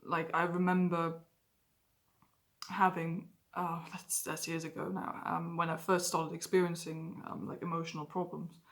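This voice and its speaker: A woman's voice: lowish voice, level tone, measured pace. A woman vlogging candidly about her own experiences, swearing freely and acting out her past outbursts. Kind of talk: personal confessional vlog.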